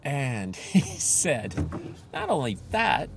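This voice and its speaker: A man retelling a story, acting out the quoted lines with lively emphasis. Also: medium pitch, very slow, creaky, noisy background. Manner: animated, reenacts quoted speech.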